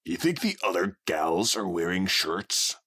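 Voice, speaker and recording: A man's voice: deep voice, sing-song, a little slow, pushed and bright, slightly rough, dry recording, clean studio sound, heavily acted. A man voicing a brash tomboy pony girl who talks in a cocky, taunting way.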